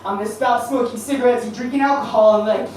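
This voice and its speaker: A woman's voice: a little high, steady tone, quick pace, a little mellow. Brash profane woman doing stand-up. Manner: brash, profane, laughs at own jokes. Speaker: stand-up comic. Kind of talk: stand-up comedy set. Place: house show in a room. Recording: echoey room, distant mic, noisy.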